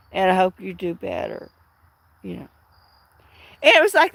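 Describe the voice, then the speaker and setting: A woman's voice: mid-range voice, vocal fry, no echo. A middle-aged woman chatting casually with viewers on a livestream from home, rambling through stories with many restarts. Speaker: livestream host.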